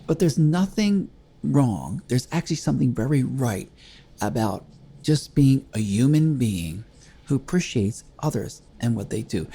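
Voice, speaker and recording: An older man with a gravelly, husky voice and a dark, mellow tone hosts a reflective monologue. He speaks earnestly and conversationally, a grieving widower who retells everyday anecdotes. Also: mid-range voice. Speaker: host.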